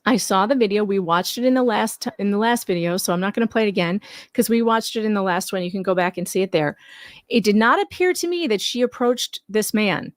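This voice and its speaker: A woman's voice: medium pitch, dry recording, clean studio sound. A woman reading from a court order and explaining it point by point. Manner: measured, explanatory. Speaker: commentator. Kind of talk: reading and commenting on a document.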